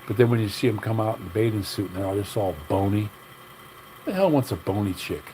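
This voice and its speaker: A man's voice: fairly low pitch, lively intonation, fast, warm tone, a little hiss or hum, poor audio. Blunt older man ranting on a livestream. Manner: blunt, opinionated, rambling. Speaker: livestream host. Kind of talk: casual livestream rant.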